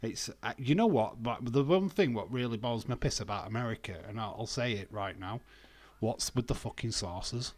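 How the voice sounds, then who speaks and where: A man's voice: medium pitch, moderate pace, darkish tone. A British man from the UK doing a casual live watch-along commentary, joking, swearing a lot and laughing often. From United Kingdom. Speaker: wrestling watch-along streamer.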